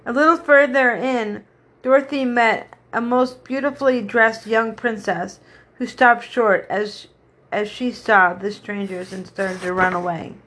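A woman's voice: fairly high pitch, steady tone, unhurried, a bit bright, slight background noise. A woman reading a children's story aloud, unpolished, going back to fix slips and restart lines. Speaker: reader.

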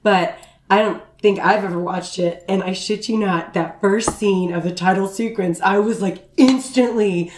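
Brief: female guest, mid pitch, expressive and giggly, roomy echo. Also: moderate pace, a little hiss or hum. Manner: expressive, swears, laughs through lines. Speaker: podcast guest. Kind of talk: casual comedic podcast chat.

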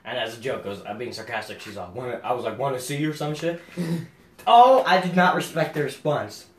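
A man's voice: mid-range voice, animated, brisk. A young man swearing constantly as he tells a crude story among friends, laughing often. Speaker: podcast co-host. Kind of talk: crude casual chat. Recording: roomy echo, off-mic, faint noise.

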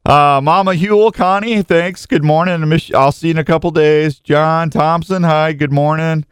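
A man's voice: fairly high pitch, fairly even intonation, moderate pace, clean tone, no room sound, clean studio sound. A middle-aged man hosting a casual morning radio show, rambling and self-mocking with lots of restarts and jokes. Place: radio station studio.

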